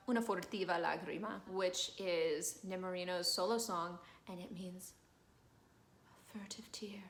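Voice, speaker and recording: A young woman hosting a very casual, slangy summary of an opera, tossing in quick asides as the characters. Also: mid-range voice, a bit bright, reverberant. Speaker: host.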